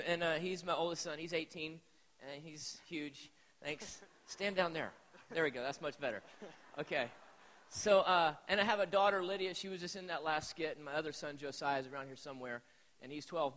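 A man in his forties, preaching at a youth event, tells a personal story as a sermon to a live young audience in an echoey hall. His voice is fairly high, and he's animated, talking directly to the crowd.

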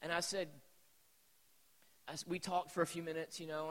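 A man in his forties telling a personal story as a sermon to a live youth audience, animated and talking straight to the crowd. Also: a little high, normal speed, pauses often. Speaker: preacher at a youth event. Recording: echoey hall.

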